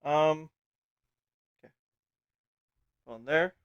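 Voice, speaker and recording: A man's voice: fairly high pitch, very slow, clear, resonant tone, no echo, dull audio. A man commenting on wrestling matches while out of breath, chatting casually with self-mocking asides. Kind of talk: casual game-league commentary. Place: indoors at a desk chair.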